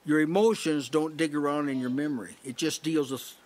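A man preaching in a relaxed teaching style at a small house church, often checking in with "see?" and restarting his sentences. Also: fairly high pitch, a little fast. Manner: conversational teaching, frequent "see?" asides and restarts. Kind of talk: sermon.

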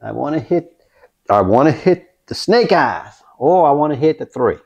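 A man vlogging his craps practice, talking viewers through each throw with excitement. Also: on the high side, moderate pace, creaky, husky, muffled recording. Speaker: dice-control craps vlogger. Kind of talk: casual play-by-play while throwing dice.

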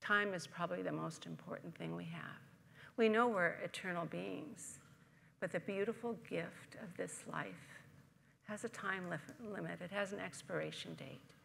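Woman minister, conversational sermon, gravelly tone, long reverb of a church hall. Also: on the low side, moderate pace, a little hiss or hum. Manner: warm storytelling, conversational, asks the congregation questions. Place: church sanctuary.

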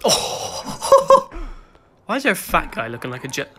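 A man narrating his own gameplay, his voice bright and full of swooping ups and downs. He speaks slowly and unhurried, mumbling to himself between excited squeals and bursts of laughter. The whole thing is casual let's play commentary. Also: high-pitched, slight background noise. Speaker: gaming video host.

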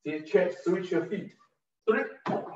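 Slow-counting tai chi teacher, man. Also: high-pitched, expressive, a little mellow. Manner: counts beats aloud, short broken phrases. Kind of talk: step-by-step movement instruction. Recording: distant roomy lo-fi recording.

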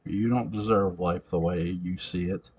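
A man's voice: sits low, fairly even intonation, unhurried, darkish tone, slightly rough. A man reading the part of a jealous, enraged male vampire in an amateur audiobook, with a snarling, menacing delivery.

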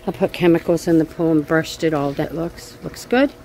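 A woman's voice: sits low, moderate pace, a little mellow, soft background music. Blunt, profane woman venting in her garden. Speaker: vlogger. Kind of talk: casual gardening vlog. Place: outdoors in a backyard garden. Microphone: handheld phone camera.

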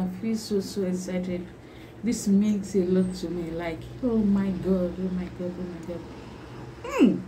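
A woman talks through an unboxing for her vlog, drawn out and slow. She gushes and says each exclamation again and again, laughing between phrases. A clear noisy hiss sits under the whole recording. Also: on the low side. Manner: gushing, repeats exclamations over and over; laughs often between lines. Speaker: vlogger.

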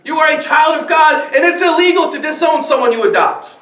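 A man with a very high voice preaches from the pulpit, stacking up rhetorical questions and repeating key phrases for weight. The sound comes from a distance in a roomy church, with a lot of echo around his words. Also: brisk, bright, forceful tone. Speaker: pastor. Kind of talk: sermon. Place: church sanctuary.

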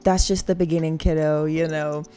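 A woman's voice: deep voice, flat delivery, normal speed, warm tone, soft background music, natural voice. A woman voicing a caring, slightly anxious young man in a life-simulation game, barely changing her own voice. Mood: gentle. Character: nervous caring young husband and dad figure.

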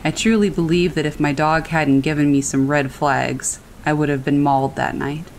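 A woman narrating horror stories in a calm, steady way, as a scripted reading. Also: low voice, moderate pace, slight background noise, rough recording. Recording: faint rain behind the voice. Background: rain falling.

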